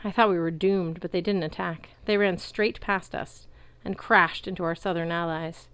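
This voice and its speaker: Smooth, low-voiced woman reading aloud. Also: normal speed. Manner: lively, shouts the characters' cries. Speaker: audiobook reader.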